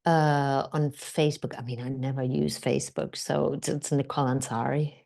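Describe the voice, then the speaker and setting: A woman actor telling stories as a podcast guest, animated and full of fillers. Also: rumbling low, moderate pace, vocal fry. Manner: animated, acts out quotes, many fillers. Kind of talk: conversational storytelling.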